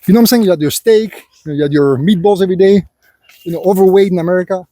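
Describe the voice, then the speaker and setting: Talking rapidly in a high but dark-toned voice, a male vlogger rambles through an off-the-cuff personal monologue on a dry recording. Filler phrases pile up as he lectures the listener and addresses him as "son".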